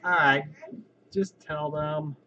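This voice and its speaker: A man co-hosting a casual live chat, dry and low-key in manner. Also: fairly even intonation, slow pace, dull audio, very noisy. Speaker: co-host.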